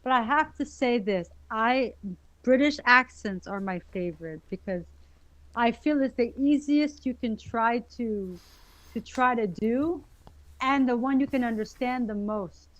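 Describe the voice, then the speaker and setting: A woman with a Canadian accent, a guest in a casual interview, giggly and animated, often restarting her words. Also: fairly high pitch, a little slow, dry recording, dull audio.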